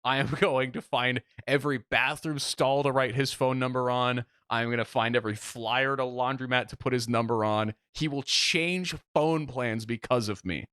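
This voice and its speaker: A young man co-hosting a podcast, chatting casually and telling a story with lively swings of pitch as he acts out the people in it. His voice sits at a middle pitch, recorded dry and close to the mic with no room sound. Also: normal speed, few pauses, clean tone, no room sound. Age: young adult. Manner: animated storyteller, acts out quotes with big pitch jumps. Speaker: podcast co-host. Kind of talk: casual chat.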